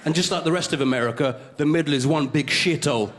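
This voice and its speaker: A male stand-up comedian, hosting a comedy show with quick, cheeky punchlines before a live audience. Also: on the high side, very noisy. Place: studio comedy stage with audience. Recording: live stage with loud crowd.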